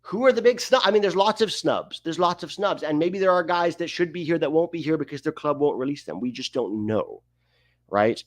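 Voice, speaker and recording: A man's voice: on the high side, expressive, fairly quick, dry recording. Opinionated man hosting a sports stream. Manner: emphatic, opinionated, asks rhetorical questions. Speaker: host of a soccer livestream. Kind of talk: casual livestream commentary.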